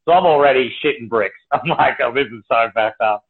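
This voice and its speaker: A man's voice: medium pitch, fairly quick, breathy edge. A young man telling a story casually, rambling, swearing and laughing as he goes. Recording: tinny phone-like livestream audio.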